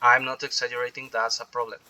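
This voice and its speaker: A man's voice: mid-range voice, level tone, fast talker, sharp tone, a little hiss or hum, rough recording. A man giving rambling, opinionated commentary while he plays a video game, often restarting his sentences. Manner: opinionated, meandering monologue with restarts. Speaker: gaming streamer.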